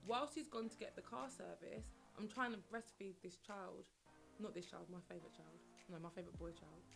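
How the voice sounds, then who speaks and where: A woman's voice: on the low side, steady tone, moderate pace, vocal fry, fairly bright tone, faint music behind. A woman candidly recounting a personal story on a chat panel, with dramatic, acted-out retelling. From London, England.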